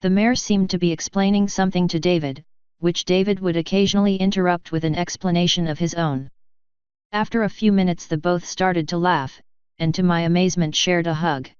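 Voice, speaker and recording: A woman reads a fan fiction story in a steady, even narration. Her voice is very smooth and a little low, recorded dry and close. The sound is dull and lo-fi. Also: a little fast, no room sound. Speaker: fanfiction reader.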